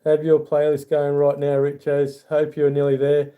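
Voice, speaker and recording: A man's voice: on the high side, completely flat delivery, normal speed, phone-quality sound. A middle-aged Australian man hosting a casual livestream, rambling in a friendly way and reading viewer comments aloud. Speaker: YouTube channel host.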